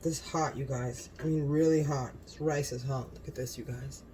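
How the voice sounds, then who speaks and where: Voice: mid-range voice, fairly even intonation, normal speed, very noisy. Gushing cooking vlog host. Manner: effusive, gushing, exclaims often. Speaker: home cooking channel host. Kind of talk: casual cooking vlog, talking to camera.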